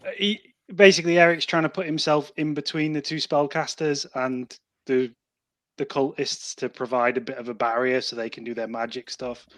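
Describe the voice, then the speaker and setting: A man's voice: medium pitch, fairly even intonation, normal speed, no room sound. A man playing a tabletop game, hesitantly describing his character's moves, with many fillers. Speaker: player.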